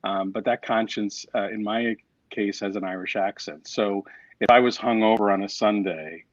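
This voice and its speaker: A man tells wry, self-deprecating stories, doubling back on his words as he goes. His voice sits low. The call sounds dull and dry, like a laptop mic in a small room. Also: moderate pace, dry recording. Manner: storytelling, self-deprecating, restarts often. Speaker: guest author and coach. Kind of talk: casual interview chat.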